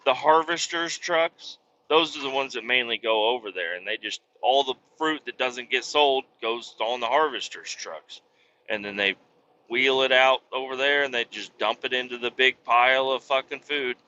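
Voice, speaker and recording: With a mid-range, sharp voice at normal speed, a man hiccups his way through a casual podcast monologue, swearing freely and frequently starting sentences over. He's an adult with young children. The recording is muffled, with slight background noise.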